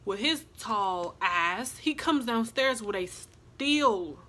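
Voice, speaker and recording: A young woman vlogger telling a long story in a casual, animated way and acting out what other people said. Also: a little high, slow pace.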